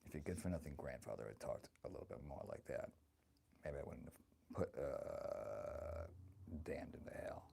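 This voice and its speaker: A man putting on a gravelly, bawdy old granny. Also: very deep voice, expressive, normal speed, warm tone, pitched above the performer's own voice, full character voice. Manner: bawdy, teasing, calls viewers honey. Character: crude flirty ancient grandmother, bawdy and vain. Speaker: livestreamer. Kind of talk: in-character stream chat. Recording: noisy background.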